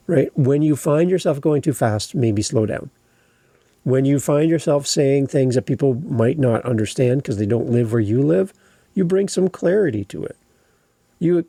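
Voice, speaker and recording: A man hosting a podcast, giving earnest, encouraging coaching on clear speech and stressing the ends of words. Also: medium pitch, mellow, no echo. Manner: earnest, encouraging, emphatic on word endings. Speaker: podcast host.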